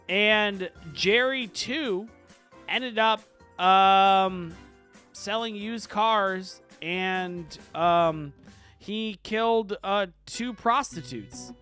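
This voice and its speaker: A man with a high, bright voice narrates a comedic tabletop game as its game master. His storytelling is deadpan and drawn out, with faint music playing underneath.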